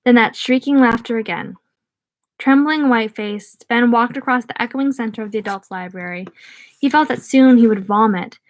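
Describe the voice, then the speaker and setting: Brief: young woman, slightly high voice, reading to a live chat with rambling asides. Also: normal speed, dry recording. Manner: chatty, scattered asides to viewers. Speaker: read-aloud streamer.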